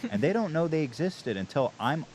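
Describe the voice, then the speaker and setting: A podcast co-host telling anecdotes in casual banter, expressive and conspiratorial. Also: male voice, fairly high pitch, fairly quick, a little hiss or hum, low-quality recording.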